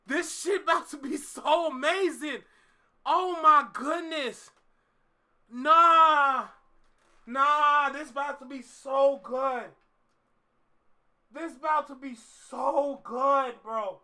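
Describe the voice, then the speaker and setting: Very high, bright, excitable male reactor. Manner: excitable, shouting and laughing in bursts. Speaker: music reaction host. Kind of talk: casual reaction commentary.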